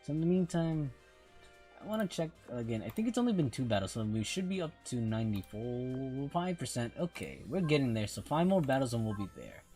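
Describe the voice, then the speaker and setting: A man's voice: medium pitch, big pitch swings, brisk, dark tone, soft background music. A man streaming a mobile game, rambling through casual commentary and often repeating himself.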